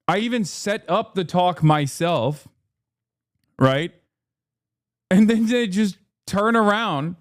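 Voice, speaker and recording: A man from the United States is streaming live, his high voice captured in clean, echo-free studio sound. He rants profanely and with exasperation, talking rapidly in run-on bursts full of fillers and restarts.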